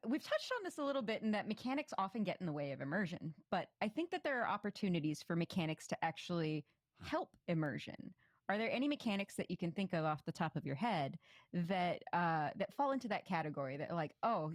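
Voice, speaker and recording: A woman host moderates a panel, friendly and laughing along as she puts questions to the guests. Her voice sits at a middle pitch. The sound is close and dry. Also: dry recording.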